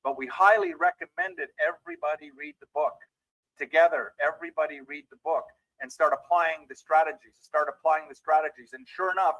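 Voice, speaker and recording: A man's voice: on the high side, brisk, a bit bright, no room sound, poor audio. A man giving a motivational training talk as a mindset trainer, telling a story and speaking directly to his listeners.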